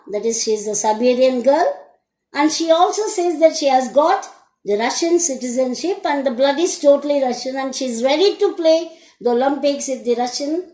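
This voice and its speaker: A woman with an Indian English accent teaching an English lesson, speaking slowly and deliberately and asking her students questions. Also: high-pitched, warm tone, reverberant, rough recording. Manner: slow, deliberate, asks the class questions. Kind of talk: classroom lesson recording.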